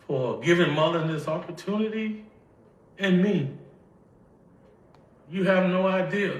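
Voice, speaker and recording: Heavy background noise surrounds the high-sitting voice of a tearful older man from Mississippi. With a Southern accent, he tells his life story as an emotional testimony, acting out the conversations he recalls, recorded from a distance in an echoey space.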